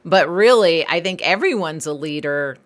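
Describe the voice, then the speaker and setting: A woman's voice: low voice, lively intonation, normal speed. A woman co-hosting a podcast interview, framing questions and affirming the guest. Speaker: podcast co-host. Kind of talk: interview conversation.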